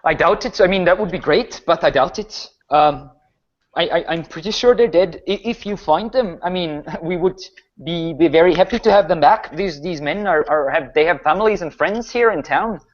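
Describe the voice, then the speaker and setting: A man's voice: a little high, normal speed, dull audio, pitched above the performer's own voice, close to an everyday voice. A man voicing a worried village baron who stammers and halts anxiously. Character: worried middle-aged male village baron.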